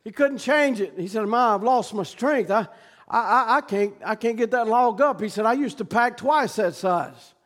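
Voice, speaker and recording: A man preaching a sermon, telling a story that builds into shouted preaching. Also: sits high, normal speed.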